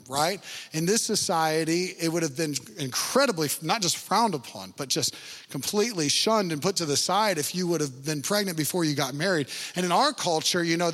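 A man's voice: high voice, a bit bright. Conversational male pastor in a reverberant hall. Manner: conversational, playful, acts out quoted lines. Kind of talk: sermon.

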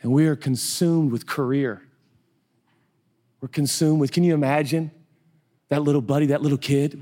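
A pastor from the US Northwest preaches in a loose, conversational, jokey style, acting out little dialogues. His voice is fairly high and mellow with fairly even intonation, a moderate pace and long pauses. The long reverb of a large hall fills the recording.

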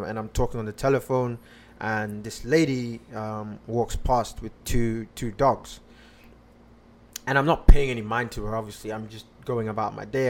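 Rambling, filler-heavy man telling a story. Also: medium pitch. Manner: rambling with many fillers and restarts. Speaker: podcast guest telling a personal story. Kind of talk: casual conversational storytelling.

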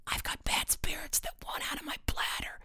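A woman's voice: sits low, steady tone, quick pace, a little mellow, a little hiss or hum. A woman voicing her mischievous young friend in a conspiratorial whisper, as whispered role-play in a told story. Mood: urgent.

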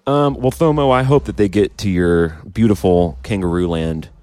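A man's voice: deep voice, normal speed, dark tone, no room sound. A man hosting a podcast in casual chat, joking and laughing easily, recorded in a green room by a stage. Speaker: podcast host.

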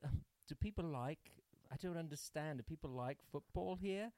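A condescending upper-class British traveler, put on by a man in a high, thin voice, as if from a little way off. The posh accent is laid on thick. He talks down to whoever he's addressing. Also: moderate pace, darkish tone, dry recording, lightly acted.

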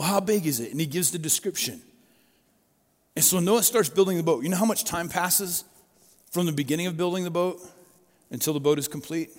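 A middle-aged male pastor preaching a sermon in a conversational, storytelling way with personal asides. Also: a little high. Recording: long reverb of a large hall.

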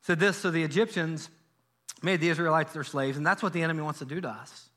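A male pastor preaching a sermon in a church, telling a Bible story in a lively way and acting out the characters' lines. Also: fairly high pitch, fast talker. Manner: animated storytelling, acts out biblical dialogue. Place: church sanctuary.

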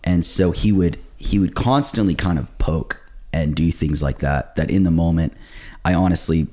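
A young man with a deep, low voice tells a personal story in a relaxed podcast chat. He acts out what others said as he goes, telling it in an animated, storytelling way. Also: normal speed. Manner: animated storyteller acting out quotes. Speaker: pastor telling his story. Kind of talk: casual podcast conversation.

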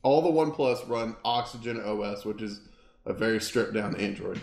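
A man's voice: lowish voice, normal speed, creaky, darkish tone. A man chatting casually about phones, joking crudely and swearing. His voice sits in an echoey room. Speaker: podcast co-host. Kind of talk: casual tech chat.

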